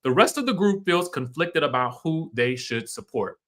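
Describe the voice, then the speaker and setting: A man's voice: on the high side, moderate pace. A man hosting a casual live stream, greeting viewers and giving emphatic commentary. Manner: animated, emphatic, repeats phrases for effect. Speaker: host.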